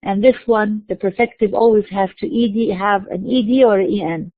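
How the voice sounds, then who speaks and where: A woman giving a recorded university lecture, explaining slowly and mixing in terms. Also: medium pitch, no echo. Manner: explains slowly, spelling out letters, slipping into Arabic terms. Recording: dry tinny phone-like recording.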